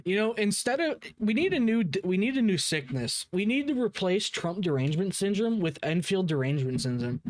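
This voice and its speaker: A man's voice: high-pitched, animated, fairly quick, few pauses, no echo. Profane young man giving casual commentary. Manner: rambling and profane, with frequent restarts and laughs. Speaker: drama commentary host.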